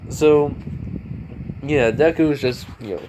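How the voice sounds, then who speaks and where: A man's voice: a little high, slow, background noise. Rambling young man telling a fan story. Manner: rambling, with fillers and self-corrections. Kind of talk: casual improvised fan story.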